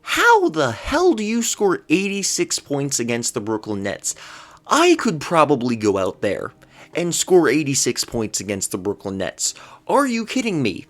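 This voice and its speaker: A man's voice: a little high, huge pitch swings, a little slow. A man vlogging basketball commentary in a solo rant, exasperated and incredulous, firing off rhetorical questions and stammering when flustered.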